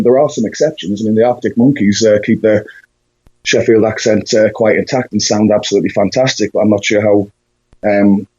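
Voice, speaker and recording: A husky, breathy man with a lowish voice, answering interview questions as a musician. He talks reflectively, pausing on fillers and restarting his thoughts. The sound is dry and dull, like a lo-fi recording. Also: warm tone, dry recording. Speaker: musician guest.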